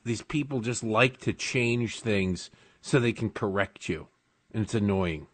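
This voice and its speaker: A man's voice: on the low side, unhurried, a bit bright, no echo. A man trading sarcastic, argumentative banter as a regular guest on a talk radio show. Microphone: studio microphone.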